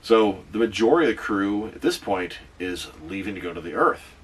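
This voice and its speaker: Deep-voiced man recapping a movie. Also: breathy edge, distant mic. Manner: animated retelling, quick asides. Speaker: movie reviewer.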